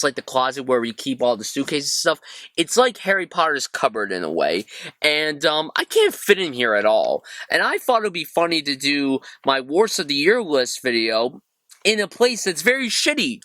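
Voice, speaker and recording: Man in a casual film-review vlog, sarcastic and animated, bright forceful voice, dry cramped closet. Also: on the high side, dry recording. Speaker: film reviewer, channel host.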